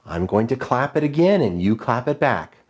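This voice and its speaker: In an online music lesson for children, a male teacher leads rhythm dictation, chanting rhythm syllables in a high sing-song with big pitch swings at normal speed. His call-and-response instructions are clear and encouraging.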